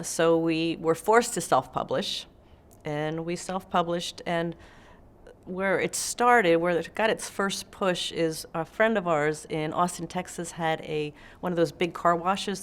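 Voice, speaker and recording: A woman's voice: fairly low pitch, a little slow. A middle-aged woman telling stories as an interview guest, acting out the quotes with energy. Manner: animated anecdote-telling, acts out quotes. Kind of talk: interview storytelling.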